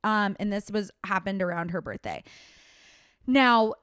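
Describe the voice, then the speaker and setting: A woman's voice: mid-range voice, expressive, unhurried, a bit bright, clean tone, no room sound, clean studio sound. A woman hosting a podcast, ranting in casual gossip commentary, swearing often and peppering her talk with "like". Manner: fired-up, swears often, lots of filler "like". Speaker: podcast host.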